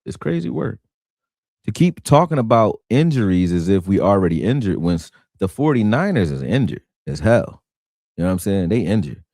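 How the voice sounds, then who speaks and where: Casting: man from Philadelphia, deep low voice, slangy animated sports-stream host, dry close sound. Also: a little fast, no echo. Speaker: sports talk show host. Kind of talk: casual sports talk stream.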